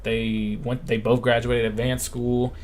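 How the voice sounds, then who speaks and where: Slightly slow and a bit mellow, his mid-range voice stays flat as the young man, in his twenties, fields live-stream questions with blunt, foul-mouthed anecdotes, performing others' lines himself. There's slight background noise.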